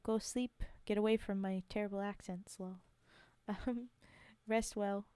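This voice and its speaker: Soft, smooth-voiced female streamer. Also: on the high side, flat delivery, normal speed, no room sound. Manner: soft-spoken, chatty, thanks viewers between verses. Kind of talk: livestream poetry reading and chat.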